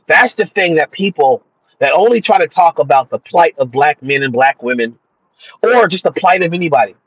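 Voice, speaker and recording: A man's voice: fairly high pitch, expressive, moderate pace, fairly bright tone, breathy edge, dry recording. A man giving an emphatic, repetitive religious monologue about spirits. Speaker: spiritual commentator. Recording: dull dry lo-fi sound.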